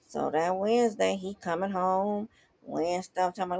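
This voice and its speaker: A woman telling a comedy story with an animated, folksy manner. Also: on the low side, normal speed, creaky, dry recording.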